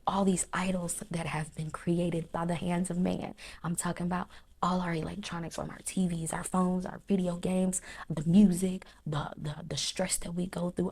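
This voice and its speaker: A woman shares a heartfelt spiritual reflection in a preaching cadence, stacking lists and repeating her points. Her voice is low and mellow, with a gravelly, husky grain. She often sinks to a near whisper. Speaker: faith vlogger.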